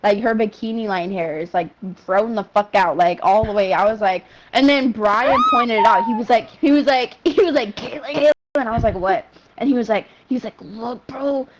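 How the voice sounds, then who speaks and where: A young woman streamer telling a story in casual, slangy, profane talk full of fillers, animated and quick to laugh. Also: fairly high pitch, slight background noise, poor audio. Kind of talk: casual storytelling while gaming.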